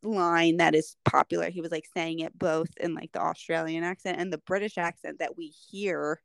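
A woman's voice: on the low side, normal speed, gravelly, no room sound. A woman co-hosting a podcast, telling stories animatedly and saying "like" a lot. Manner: animated storyteller, lots of "like". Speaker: podcast co-host. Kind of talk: casual chat.

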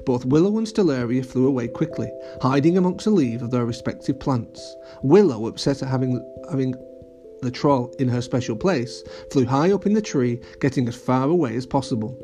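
A man gently reading a children's story aloud as storyteller. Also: animated, normal speed, music in the background. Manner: gentle, switches to high voices for characters.

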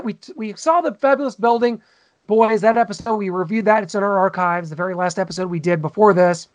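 A man co-hosting a podcast, chatting casually and gushing about an old sitcom episode, with frequent fillers. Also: high voice. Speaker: podcast co-host.

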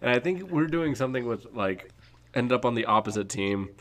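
A young man tells stories in a casual chat. His voice sits at a middle pitch. He gets animated and laughs a lot as he talks. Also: a little fast. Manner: animated, laughing storyteller who shouts quoted lines. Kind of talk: casual storytelling.

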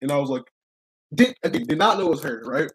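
A young man hosting a casual podcast, telling a story in an excitable, rambling way with frequent laughs. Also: a little high, quick pace, slight background noise, rough recording. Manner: excitable, laughs often, rambling with many restarts. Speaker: podcast host.

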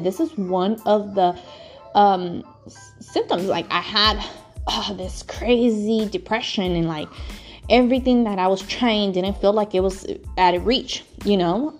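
A woman vlogging her own story in a casual, rambling, animated way, full of "like" and "freaking". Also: medium pitch.

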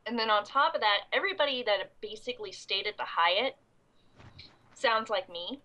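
A woman's voice: a little high, moderate pace, sharp tone, poor audio. Congested woman with coughing fits. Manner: rambling with many ums and restarts. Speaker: convention goer recapping the event. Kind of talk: casual podcast chat.

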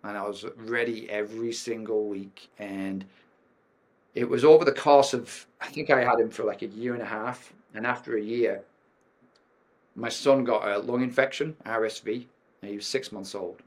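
A frank Englishman with a lowish voice tells his own story at a moderate pace, often saying "um" and restarting his sentences. He's a performance coach appearing as a guest on a podcast, sharing candid personal experiences.

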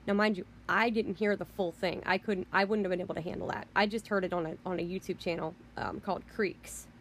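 A woman's voice: lowish voice, steady tone, fairly quick, slight background noise. A woman telling a story on her vlog as an angry, rambling rant, often saying "you know" and "I mean" and cursing in exasperation. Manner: swears in exasperation. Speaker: vlogger.

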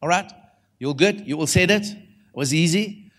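A man with a South African accent preaching a conference sermon, chatty and lively, dropping to a hush and then rising loud as he calls out to the audience. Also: fairly high pitch, moderate pace. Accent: South African English. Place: conference hall before an audience.

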